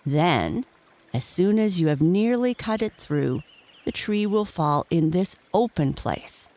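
Storyteller doing calm dad beaver teaching his boys, slow and patient. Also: mid-range voice. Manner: instructive, patient. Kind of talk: bedtime storybook reading.

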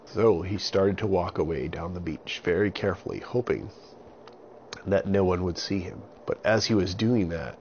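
A man with a gravelly, low voice narrates a children's story. He tells it in an animated way and throws in sound effects. The recording is dull and lo-fi, with a faint hiss.

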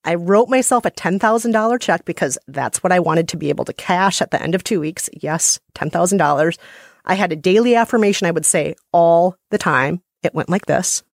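A woman co-hosting a podcast, telling stories in an animated, self-mocking casual chat. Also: lowish voice, a little fast, dry recording, studio quality. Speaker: podcast co-host.

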